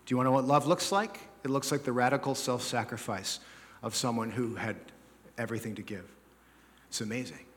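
A man's voice: mid-range voice, brisk, fairly bright tone. A man preaching a sermon to a congregation, conversational and explanatory, with jokey asides and frequent checks like "okay?". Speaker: pastor. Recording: long hall reverb.

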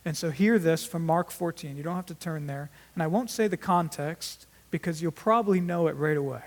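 A man preaching an earnest sermon, swinging between emphatic rises and quiet drops and often restarting his words. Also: on the high side, brisk. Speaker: pastor.

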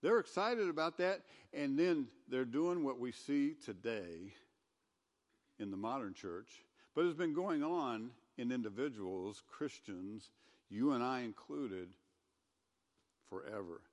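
A man giving a conversational sermon as a pastor, who gets loud and emphatic when he reads scripture aloud. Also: medium pitch, expressive, slow, big-room sound. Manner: conversational preaching, rising to loud scripture reading.

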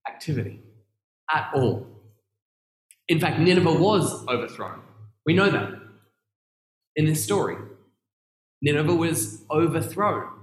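A man preaching a sermon in a church, earnest and reflective, with long pauses and emphatic stresses. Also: a little high. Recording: roomy echoey room.

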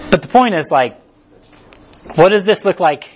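A man's voice: high voice, moderate pace, lo-fi sound, slight background noise. A man preaching a casual, conversational sermon, acting out what people tell themselves. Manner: casual, animated, acts out inner voices.

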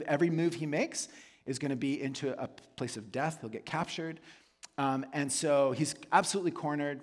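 Husky-voiced man preaching in a reverberant hall. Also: a little high. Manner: conversational, asks the room "right?" often. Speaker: pastor. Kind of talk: sermon. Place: church hall. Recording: long reverb of a large hall.

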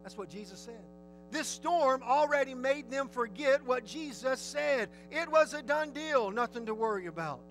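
A man's voice: very high-pitched, normal speed, soft background music, rough recording. A man preaching a sermon, telling the story vividly and asking his listeners questions. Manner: lively, storytelling, asks the audience questions.

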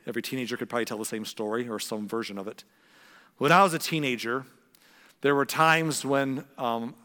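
A man preaching a sermon as a pastor, earnest and storytelling, dropping to hushed tones for emphasis. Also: mid-range voice. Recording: long reverb in a large hall.

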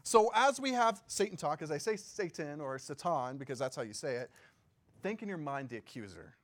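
A pastor gives a relaxed, conversational sermon. His man's voice sits a touch higher than most, and he keeps checking in with the room through quick questions and easy laughs. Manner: laughs easily and jokes. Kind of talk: casual sermon teaching.

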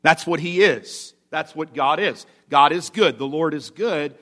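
A man with a fairly high, bright voice preaches a sermon at a church service, taking his time. He repeats key phrases for emphasis, checks in with the congregation, and builds toward fervent exclamations.

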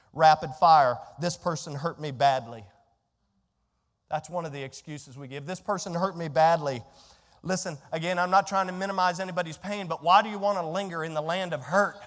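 A man preaching a sermon as pastor, swinging between soft asides and loud emphatic lines, sometimes acting out the inner complaints of his listeners. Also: fairly high pitch, big-room sound. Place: church sanctuary.

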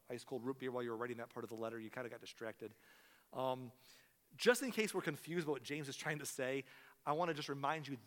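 Pastor preaching in a reverberant church. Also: male voice, fairly high pitch, a bit bright. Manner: storytelling, acting out quoted characters. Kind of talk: sermon. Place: church sanctuary.

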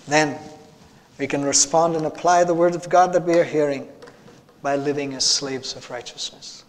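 A man's voice: fairly high pitch, moderate pace, big-room sound. A pastor preaching a sermon to his congregation in a church sanctuary, building phrase on phrase to emphatic peaks. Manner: rising to forceful emphatic peaks, repeating phrases.

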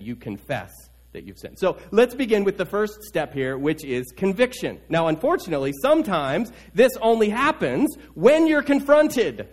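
Casting: lively male preacher, slightly high voice, storytelling sermon style with repetitions. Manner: animated storytelling, repeats key words. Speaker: pastor.

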